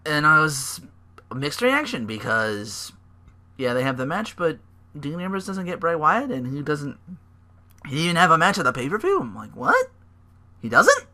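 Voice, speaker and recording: Solo podcast host, male, lively rambling delivery, bright tone, swears often. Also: on the high side, moderate pace. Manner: rambling, animated, swears freely. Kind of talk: casual solo recap.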